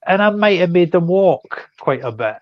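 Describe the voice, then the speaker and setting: A man's voice: high voice, animated, normal speed, dull audio. A man with a Scottish accent hosting a casual chat, teasing and joking with his guests. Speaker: host.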